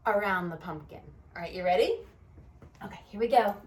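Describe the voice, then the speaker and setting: A woman teaching a toddler music class, talking in a bright sing-song way and singing slow children's songs. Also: mid-range voice, slightly rough.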